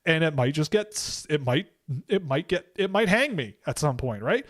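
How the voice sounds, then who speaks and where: A Canadian man hosts a casual livestream and rants about whatever comes up, with strong opinions. His voice sits a little higher than most men's. He rambles, starts sentences over, and slips into mocking impressions of other people. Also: very animated, normal speed. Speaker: host of a hockey prospect livestream.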